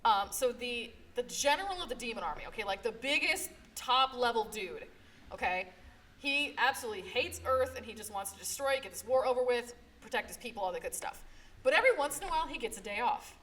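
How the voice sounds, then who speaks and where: Animated woman recapping manga at a panel. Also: fairly high pitch, fairly quick. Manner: animated, emphatic storytelling, repeated "okay?" check-ins. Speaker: librarian presenting a manga panel. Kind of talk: live convention panel talk. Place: convention panel room, live before an audience. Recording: distant mic, faint room noise.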